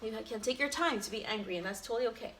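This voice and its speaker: Bright-voiced mom giving parenting tips. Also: female voice, a little high, rapid-fire, a little hiss or hum. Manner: chatty, warm baby talk with playful sing-song. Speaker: doctor and mother reading picture books. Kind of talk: casual read-aloud with parenting tips.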